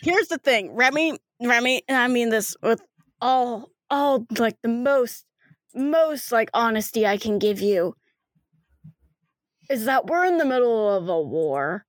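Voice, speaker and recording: A woman's voice: fairly high pitch, lively intonation, unhurried, no echo. A woman voicing a brash young woman friend who talks bluntly and swears freely during tabletop role-play. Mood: pleading.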